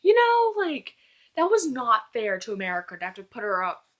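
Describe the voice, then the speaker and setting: A woman's voice: fairly high pitch, huge pitch swings, moderate pace, a bit bright. A young woman reviewing a book in casual chat, gushing and rambling as she fangirls.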